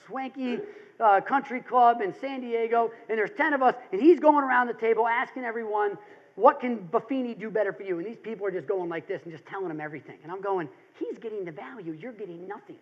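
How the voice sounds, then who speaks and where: Energetic man in his thirties, seminar talk. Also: sits high, quick pace. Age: 30s. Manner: energetic storytelling with emphatic rises. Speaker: seminar speaker. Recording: dull lo-fi recording.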